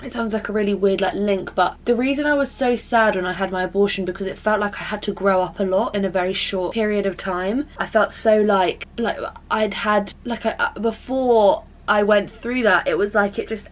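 A woman's voice: mid-range voice, moderate pace. A young woman in her twenties talking in a rambling, emotional way, full of fillers and casual swearing, as she vlogs while doing her makeup. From England. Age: 20s. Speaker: vlogger.

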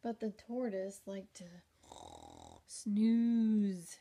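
A young woman teacher reading a picture book aloud to young children, gentle and expressive, often pausing to ask questions. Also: on the high side. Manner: gentle, slow and expressive, asking the listener questions.

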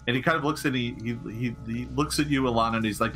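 A man's voice: mid-range voice, very fast, hardly any pauses, bright, forceful tone, soft background music. A man narrating as game master of a tabletop game, loose and amused.

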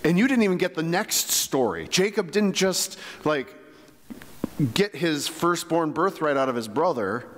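A pastor preaching in a casual, conversational way, tossing rhetorical questions at his congregation. His voice sits fairly high for a man and rings with a long church reverb. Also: expressive, unhurried. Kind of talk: sermon. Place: church sanctuary.

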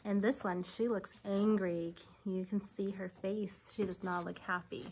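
A woman teaching preschoolers about feelings, talking slowly and patiently and asking them simple questions. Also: medium pitch, fairly even intonation, a little mellow, a little hiss or hum, poor audio. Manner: slow, patient, questioning tone for small children. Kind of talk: recorded classroom lesson for young children.

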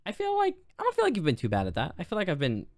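A young man co-hosting a casual tech podcast, joking and relaxed, with plenty of fillers and restarts. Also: high voice, very fast, dry recording, studio quality. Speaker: podcast co-host. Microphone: studio podcast microphone.

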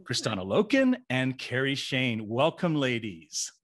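A man's voice: medium pitch, big pitch swings, measured pace, a bit bright. Chatty playful male podcast host. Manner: playful, chatty, rambling with restarts. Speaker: podcast host interviewing guest actresses. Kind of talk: casual interview chat.

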